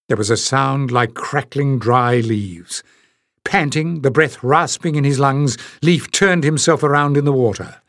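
A man reading a fantasy novel aloud in a measured, expressive audiobook narration. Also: medium pitch, no room sound, studio quality.

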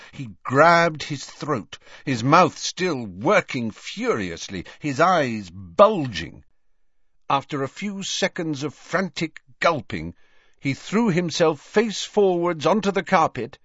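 A man reading an audiobook in an unhurried, expressive way, in a dry, slightly dull recording. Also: fairly high pitch, slightly rough, no echo. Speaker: audiobook narrator. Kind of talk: audiobook narration.

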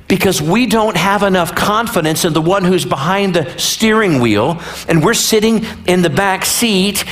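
A man's voice: fairly high pitch, fairly bright tone. A man preaching a sermon as a pastor in a conversational way, full of rhetorical questions and joking asides.

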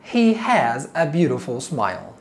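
A woman teaching English to learners, repeating words slowly and asking questions. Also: extremely low pitch, big pitch swings, a little hiss or hum. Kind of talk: slow, deliberate ESL lesson.

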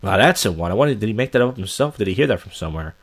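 A man's voice: lowish voice, animated, rapid-fire. A man hosting a reaction video, giving crude, mocking commentary over clips and often breaking into laughter.

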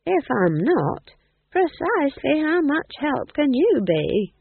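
A man voicing a sly, blunt old woman witch in a slow, drawn-out, teasing way. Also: high-pitched, huge pitch swings, vocal fry, husky, no echo, full character voice. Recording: narrow phone-like sound.

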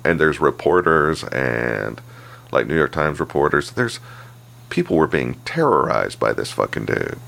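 He has a bass voice with vocal fry and a measured pace. As a podcast co-host, he keeps the chat casual and his storytelling profane and animated.

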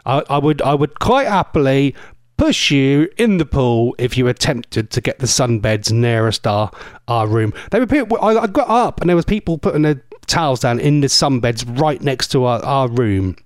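A man's voice: medium pitch, very animated, normal speed, no room sound, clean studio sound. Teasing, chatty radio man. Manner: chatty, teasing, rambling with mock-posh asides. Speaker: radio presenter. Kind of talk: casual chat with listener messages.

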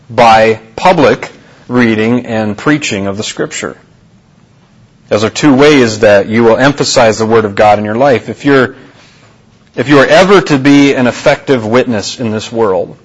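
A pastor preaches to his congregation in church, his medium-pitched voice caught on a rough recording. He speaks earnestly, often repeating and restarting phrases and asking questions.

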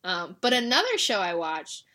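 In a casual podcast chat, a female co-host with a lowish voice tells stories at a moderate pace. Her storytelling is animated, full of laughter, and she acts out characters as she laughs along.

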